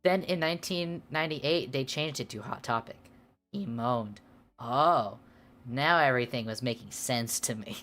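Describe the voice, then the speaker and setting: Very deep-voiced woman reading giggly. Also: unhurried, a bit bright, faint music behind. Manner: laughs often, breaking into amused asides; playful, exaggerated delivery of character lines. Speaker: streamer reading a fanfic aloud. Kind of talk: comedic dramatic reading with asides.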